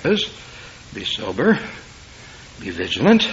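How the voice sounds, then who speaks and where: A man preaching a sermon in a folksy, conversational way, swinging between loud emphatic bursts and quiet low asides. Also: sing-song, brisk. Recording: dull lo-fi sermon tape.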